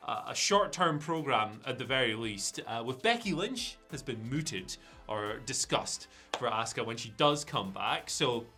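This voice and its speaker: A man co-hosting a casual news discussion, chatting in a relaxed, speculative way with plenty of fillers. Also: mid-range voice, unhurried, few pauses, faint music behind. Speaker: co-host of a news show.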